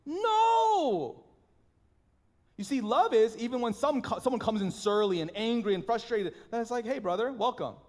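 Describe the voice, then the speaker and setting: A pastor preaching a sermon in a church, passionate and animated, often restarting his phrases. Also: high-pitched, a little fast, few pauses, big-room sound. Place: church sanctuary.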